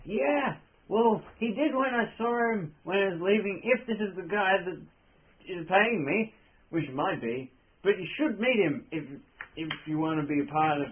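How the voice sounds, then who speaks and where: A man's voice: high-pitched, lively intonation, normal speed. A man voicing a battered, drunk mouse informant who rambles and loses his thread, over a tinny call line. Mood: rambling. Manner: rambling, trailing off, loses track mid-sentence.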